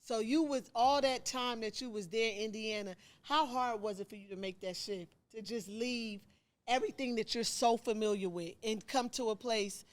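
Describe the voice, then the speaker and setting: High-voiced woman hosting a podcast. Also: normal speed. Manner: playful, coaxing questions. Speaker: podcast host. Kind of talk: casual chat interview.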